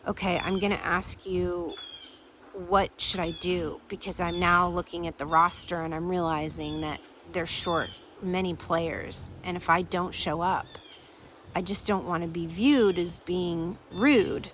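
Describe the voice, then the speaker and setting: Brief: woman doing a sorry husband, soft-spoken and halting, low and hushed. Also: steady tone, a little hiss or hum. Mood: pleading. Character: remorseful grown man apologizing to his wife.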